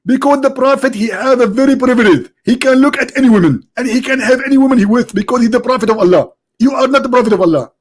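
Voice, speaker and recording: A man's voice: very high voice, fast, few pauses, voice pushed up. A man doing a mocking impression of an indignant, self-righteous male preacher who scolds and huffs defensively. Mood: huffy. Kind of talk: mocking impression in a live-streamed debate.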